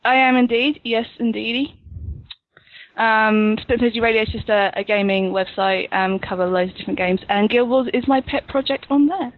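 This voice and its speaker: A woman's voice: a little high, a little fast, dry recording. A woman guest chatting casually on a podcast, laughing often and joking at her own expense. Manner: laughing, self-mocking. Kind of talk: casual chat. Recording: tinny phone-like line.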